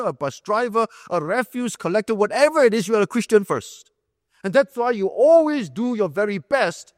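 A man's voice: high voice, no echo, clean studio sound, big-room sound. A male pastor preaching a sermon, emphatic, repeating key phrases and quizzing the room like a teacher. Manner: explains like a teacher, asks the room questions.

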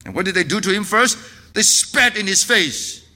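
Male pastor, sermon delivery, high bright voice, earnest and impassioned. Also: lively intonation, normal speed. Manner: impassioned preaching, dropping to hushed earnest tones.

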